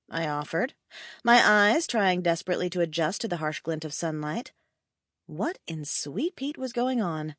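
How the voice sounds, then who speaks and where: A woman narrating a first-person audiobook in a wry, expressive storytelling manner. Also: fairly low pitch, normal speed, dry recording, clean studio sound.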